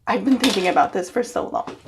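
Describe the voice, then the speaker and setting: In a medium-pitched voice with some background noise audible, a young hairstylist chats to herself on her phone. She's in the bathroom at home, doing casual vlog self-talk and sounding nervous and giggly.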